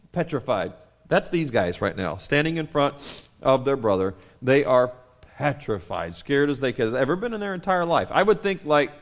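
A man preaching a conversational sermon, reading scripture and acting out the scenes with quick asides. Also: mid-range voice. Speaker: pastor.

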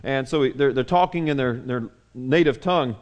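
A man preaching a sermon, acting out the people in the story with loud outbursts and then dropping to soft, hushed words. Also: mid-range voice, normal speed. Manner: animated, acts out quotes loudly then drops to soft hushed tones. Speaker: pastor.

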